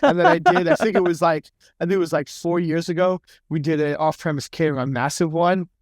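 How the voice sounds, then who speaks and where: Middle-aged chef guy telling stories, kinda high voice, swears a lot, super animated, dry sound. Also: a little fast, no echo. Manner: animated, acts out other people's lines, swears freely. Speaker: chef and podcast guest. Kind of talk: casual storytelling interview.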